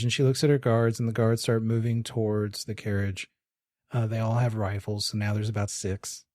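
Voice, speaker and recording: Casting: a male game master narrating an audio tabletop game, low and dry, relaxed descriptive delivery. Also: no room sound. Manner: descriptive, unhurried, with fillers.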